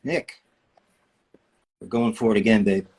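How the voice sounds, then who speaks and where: Low, husky, and darkish in tone, this man speaks without hurry as he signs autographs for fans over a livestream. He's a voice actor trading jokes in a casual chat. He's indoors.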